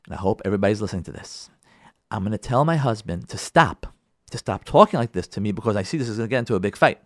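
A man's voice: on the low side, fast, no room sound, clean studio sound. A middle-aged man, a rabbi and marriage counselor, giving a lecture on marriage. He talks to his listeners directly, with emphasis and repetition, and acts out the quarrels of husbands and wives. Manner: lively, acts out spouses' quarrels in dialogue.

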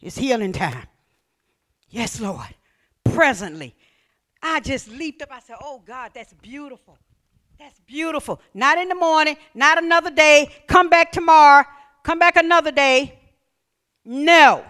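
A woman preacher delivering a sermon, reading scripture and building to shouted calls to the congregation. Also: sits high, unhurried.

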